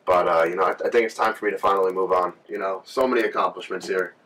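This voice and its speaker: Guy rambling haltingly in a comedy skit, lowish voice, mic kinda far, faint music. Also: fairly even intonation, a bit bright. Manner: halting, full of fillers and restarts. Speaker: departing coach in a skit.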